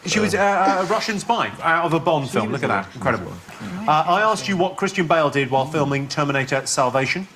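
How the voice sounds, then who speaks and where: A man's voice: fairly high pitch, animated, quick pace, fairly bright tone. A man hosting a comedy quiz show, teasing the panel. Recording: live studio with audience.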